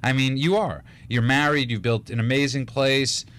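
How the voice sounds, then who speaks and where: A man's voice: medium pitch, fairly even intonation, moderate pace, fairly bright tone. A man co-hosting a casual radio talk show, telling stories in a rambling way with many restarts and laughs. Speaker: radio co-host.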